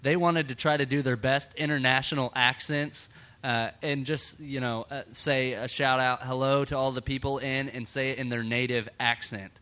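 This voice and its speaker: A young man from Texas with a Texan accent, hosting a casual podcast chat, chatty and quick to laugh. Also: medium pitch, fairly even intonation, sharp tone, smooth. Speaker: podcast host.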